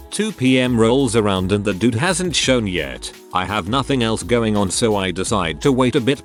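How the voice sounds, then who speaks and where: Lively low-voiced male story narrator. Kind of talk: scripted narration of online stories.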